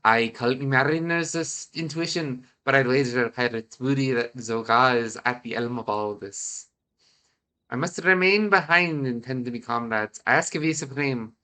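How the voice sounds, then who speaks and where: A congested man reading a gruff sailor in a Scottish accent, with blustery old-fashioned seafarer talk. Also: mid-range voice, normal speed, bright, forceful tone, natural voice. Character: gruff male sailor in a seaside camp.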